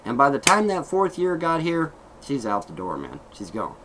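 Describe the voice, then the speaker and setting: A middle-aged man on his own channel, venting in a heated, aggrieved rant full of swearing and repetition. His pitch swings widely, climbing high when he gets worked up and sinking low and quiet in between. Faint room ambience sits behind him. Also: huge pitch swings, moderate pace, background noise. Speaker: vlogger. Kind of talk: angry vlog rant.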